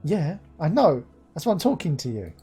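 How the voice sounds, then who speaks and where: A woman voicing a stressed young man who worries about his partner. He talks low and weary, half muttering, with a dark, husky tone. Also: big pitch swings, moderate pace, faint music behind, full character voice. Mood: worried.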